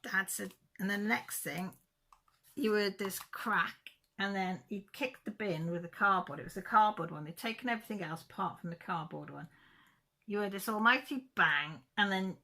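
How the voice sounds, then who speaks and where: A woman's voice: mid-range voice, moderate pace, sharp tone. A woman, chatting casually to her channel viewers and telling a funny story with mild cussing. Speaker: craft channel host. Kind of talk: casual chat.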